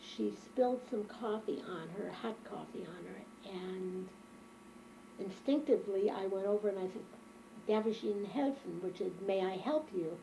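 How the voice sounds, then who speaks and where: An older woman with a dark, mellow voice tells her life story at an easy pace. She speaks reflectively, and a faint noise sits under the recording. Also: mid-range voice, moderate pace, creaky, rough recording. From Germany. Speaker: interviewee. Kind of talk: oral history interview.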